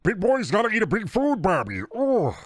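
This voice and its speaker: A man doing a shrill frantic caller. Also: huge pitch swings, normal speed, no echo, heavily acted. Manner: shrill, repeats one name over and over. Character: frantic man yelling about strange burgers. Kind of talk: improvised comedy bit.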